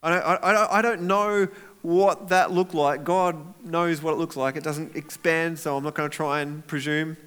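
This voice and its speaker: A man preaching a sermon as pastor, animated and acting out voices of people in the story. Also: a little high, normal speed, clean tone.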